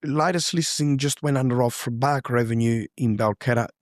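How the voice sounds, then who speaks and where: A man's voice: mid-range voice, brisk, dry recording, studio quality. A man, a real estate agent talking earnestly and from the heart in an interview. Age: 20s. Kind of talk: casual interview chat.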